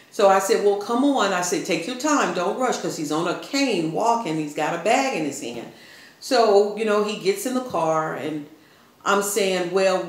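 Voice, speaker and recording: An older woman talks straight to her viewers, mixing everyday stories with talk of faith. She speaks in a lively, preachy way and calls her audience "y'all." Her voice rings in a very echoey room. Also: medium pitch. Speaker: vlogger. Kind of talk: casual storytelling and faith talk.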